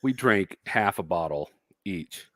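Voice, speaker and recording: A man's voice: sits low, animated, slow, a bit bright, no echo. A man co-hosting a casual livestream chat, telling a rambling story and laughing often. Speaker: co-host.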